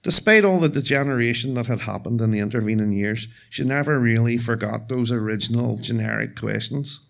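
A man telling a true story live on stage, measured and wry with dark humour. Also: medium pitch, gravelly. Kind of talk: live first-person storytelling.

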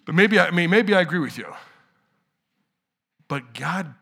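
A middle-aged man preaching a sermon in a casual, talky way, his voice bright and forward. He sinks to near-whispers on key words and then surges loud again. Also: lively intonation, normal speed, vocal fry, slightly rough. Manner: conversational preaching, swings from hushed lows to loud outbursts. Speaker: pastor.

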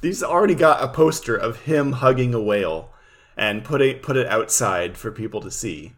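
A man's voice: medium pitch, animated, moderate pace. A man co-hosting a podcast, recapping an episode in laid-back, filler-heavy chat. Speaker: podcast co-host.

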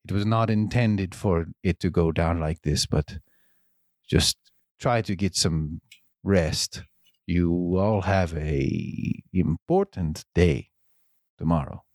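A man voicing a menacing, smooth-talking jailer who speaks softly and slowly. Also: deep voice, no echo, clean studio sound. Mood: mock-polite. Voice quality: soft, slow, threatening.

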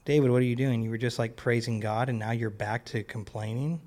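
A man's voice: medium pitch, fairly even intonation, brisk, a little mellow. A man preaching an earnest, conversational sermon, chuckling now and then at his own stories. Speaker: lay preacher and business owner.

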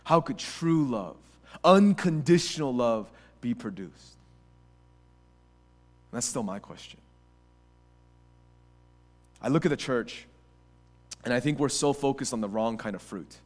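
Speaking unhurriedly at medium pitch with lively intonation and long pauses, a male pastor preaches a sermon. He moves between soft reflection and near-shouted passion, often repeating and restarting phrases.

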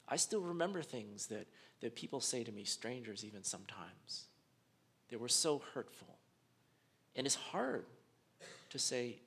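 Animated man preaching a sermon. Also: sits high. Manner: animated, swings from hushed to loud, acts out rude strangers. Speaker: pastor.

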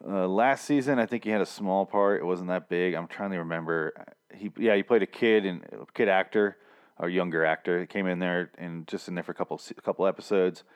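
A man's voice: low voice, smooth. Profane rambling man recapping a show. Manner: profane, rambling, quick to act out characters' lines. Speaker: TV episode recap host. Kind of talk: casual episode recap.

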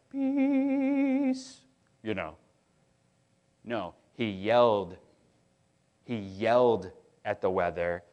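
A middle-aged man preaching a sermon, talking in a casual, animated way and often restarting his sentences as he tells stories. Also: lowish voice. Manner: conversational, animated storytelling with many restarts. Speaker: pastor.

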